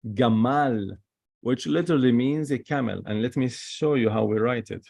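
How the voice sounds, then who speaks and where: A man, teaching the alphabet and repeating each sound slowly while he writes. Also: medium pitch, gravelly, a little mellow, no room sound. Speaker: Hebrew teacher. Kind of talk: slow alphabet lesson.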